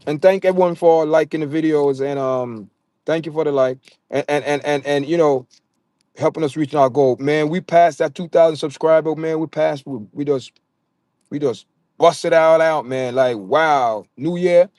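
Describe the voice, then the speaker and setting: Jamaican male livestream host, slightly high voice, dry close sound, talks to his chat with stumbling repeats. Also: moderate pace, a little mellow, no room sound. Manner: talks straight to his chat viewers, stammers and repeats words.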